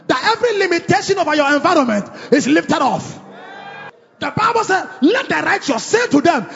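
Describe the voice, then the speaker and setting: A pastor with a very high, gravelly voice that swings widely in pitch, preaching with fire and shouting out declarations to his congregation. The recording is somewhat dull and rings with the long reverb of a church hall, with faint music underneath. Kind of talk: sermon.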